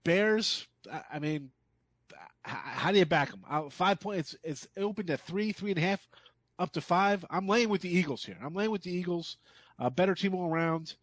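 A man's voice: sits high, moderate pace, no room sound. A man giving sports betting picks as a guest handicapper, speaking bluntly and emphatically with scorn.

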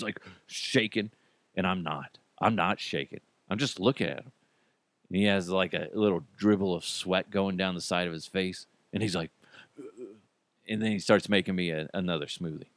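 A middle-aged man hosts a podcast, swearing freely and laughing through his stories. His pitch swings widely as he talks. The recording is dry and close on the mic. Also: dry recording. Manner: profane, animated storyteller, laughs often. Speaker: podcast host. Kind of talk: casual chat.

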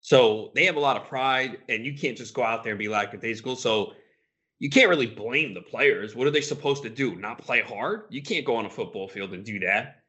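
Bright-toned, frustrated man. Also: medium pitch, a little fast, husky. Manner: animated, frustrated, retells conversations. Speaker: sports podcast co-host. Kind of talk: casual sports talk.

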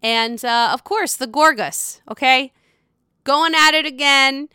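Woman gossiping about her reality show, kinda high, dry close sound, swears a lot. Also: slow, no room sound. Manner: gossipy, profane, animated with sudden high squeals. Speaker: reality TV recap vlogger. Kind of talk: casual recap chat.

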